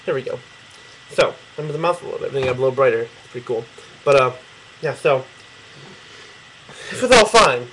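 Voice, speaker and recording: A man's voice: mid-range voice, lively intonation, brisk, pauses often, fairly bright tone, slight background noise, low-quality recording. A young man from Michigan rambling casually and profanely while drawing a map for someone, laughing often. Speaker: video replier. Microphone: camera mic close to the face.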